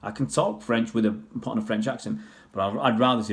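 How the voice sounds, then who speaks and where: A man's voice: medium pitch, a little fast. A man from Pakistan, raised in England, chatting casually on a livestream and answering viewers' questions in a rambling way. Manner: rambling, chatty, many restarts and fillers.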